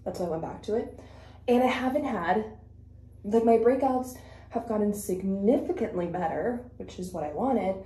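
A chatty woman vlogger, a native Spanish speaker, talks through her makeup routine with plenty of fillers and a slightly breathless delivery. Her voice is mellow and dark, and it bounces around an echoey room. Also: medium pitch, lively intonation, normal speed. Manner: chatty, rambling with fillers and self-corrections. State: a little out of breath. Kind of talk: casual chat while doing makeup.

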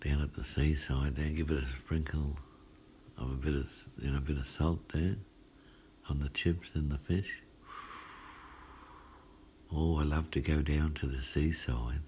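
Very deep, slow Australian pastor. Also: male voice, level tone, dark tone, a little hiss or hum. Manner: folksy and chatty, asks "hey?" often, laughs at his own lines. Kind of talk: casual midweek sermon.

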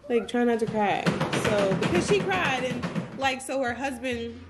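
A woman's voice: a little high, animated, moderate pace. Chatty woman vlogging at home over music. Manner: chatty and rambling, addresses viewers as "y'all". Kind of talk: casual day-in-the-life vlog chat.

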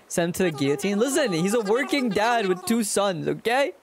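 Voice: mid-range voice, very animated, moderate pace, a crowd in the background. A streamer giving casual gameplay commentary, joking crudely and playfully.

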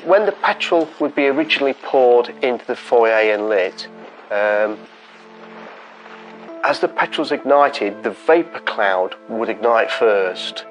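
Methodical forensic investigator. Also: male voice, medium pitch, animated, unhurried, soft background music, poor audio. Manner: explanatory, methodical. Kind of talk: documentary interview.

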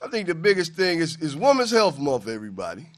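A man's voice: fairly high pitch, wildly swooping pitch, quick pace. A man hosting a local TV talk show, chatting in an upbeat, folksy way and plugging community work.

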